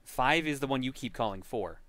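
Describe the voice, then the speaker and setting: A man co-hosting a podcast, chatting casually about games in a quick, matter-of-fact, teasing way. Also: mid-range voice, lively intonation, fairly bright tone. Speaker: podcast co-host. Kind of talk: casual game chat.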